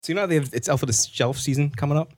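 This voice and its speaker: A man co-hosting a podcast in casual chat, trading fast, joking, profane banter. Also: fairly high pitch, dry recording, clean studio sound. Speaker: podcast co-host.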